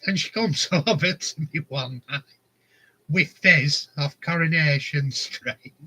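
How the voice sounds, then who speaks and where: A man's voice: a little high, slow pace, sharp tone, slightly rough, rough recording. A man, casually telling rambling anecdotes and chuckling often. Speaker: vlogger. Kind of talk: casual storytelling.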